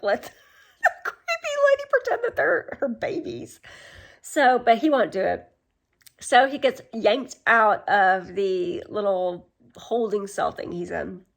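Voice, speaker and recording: A woman casually retelling a film's plot, with many fillers and quick acted-out character quotes. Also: mid-range voice. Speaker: movie reviewer.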